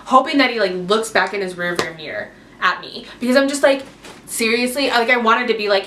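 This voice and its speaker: A vlogger in her twenties addresses her camera in a brisk, rather high voice that is bright and forceful. Recorded in an echoey room with a little hiss or hum, her casual story time is a rambling personal tale full of "like" and "um."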